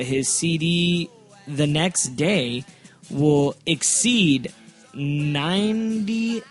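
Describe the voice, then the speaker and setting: A man hosting a loose, casual chat show. His voice sits a little high, and he talks with eager enthusiasm, often losing his thread mid-sentence. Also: fairly bright tone. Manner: rambling, enthusiastic, stumbles over words. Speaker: podcast host.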